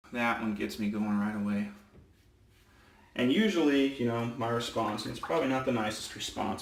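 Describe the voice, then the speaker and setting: Shaving as he talks, a man who referees football gets worked up and rants emphatically in a casual way. The mic is placed far off in an echoey space, picking up his mid-pitched voice.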